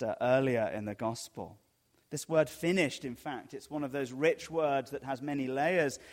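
A middle-aged male pastor preaching a sermon in an easygoing, storytelling way, often dropping his voice low and soft. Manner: conversational storytelling with sudden soft drops.

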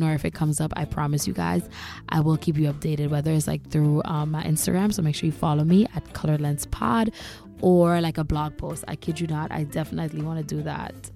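A woman podcast host with a low, gravelly, mellow voice. She talks to her listeners in a candid, casual solo chat and keeps tossing rhetorical questions back at them. A faint bed of music sits under her voice. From Caribbean.

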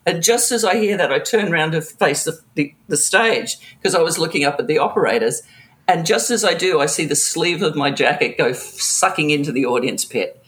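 A woman's voice: sits low, expressive, fairly quick. A middle-aged woman, a guest and sound engineer, telling an anecdote in casual chat, acting out quotes, swearing freely and laughing often. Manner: laughs often between phrases.

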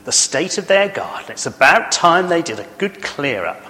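A man's voice: a little high, very animated, moderate pace, pushed and bright, in a large hall, voice pushed up. A man doing a tutting nosy neighbour. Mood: disapproving. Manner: tutting, fussy, disapproving. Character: gossiping, judgemental grown-up neighbour.

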